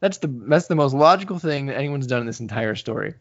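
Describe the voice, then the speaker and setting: A man co-hosting a podcast in casual chat, recapping a story with animated retellings and quotes. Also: medium pitch, fast, lo-fi sound. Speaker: podcast co-host.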